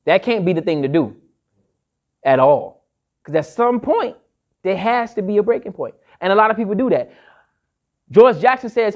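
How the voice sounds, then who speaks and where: A man's voice: high voice, animated, moderate pace, long pauses. A man lecturing to a live audience, emphatic and repeating his key phrases like a refrain. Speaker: speaker addressing an audience.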